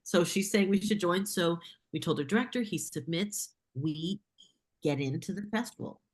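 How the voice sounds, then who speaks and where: A woman with a slightly low voice tells a casual story on an interview podcast. She is animated and chatty, with plenty of fillers. She acts out what people said along the way. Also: moderate pace. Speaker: filmmaker guest.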